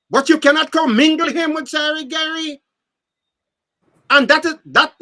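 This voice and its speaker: A man's voice: very high voice, sharp tone. A man arguing as a guest on a political debate show, emphatic and folksy.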